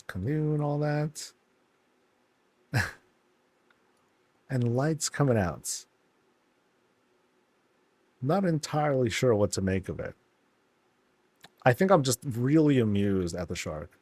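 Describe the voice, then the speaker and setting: A man's voice: medium pitch, animated, slow, long pauses, darkish tone, no room sound. Chill guy riffing on a game tour, laughs a lot, dry close sound. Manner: laid-back, amused, laughs often and voices characters in silly asides. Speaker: streamer touring player housing in a game. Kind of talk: casual game commentary.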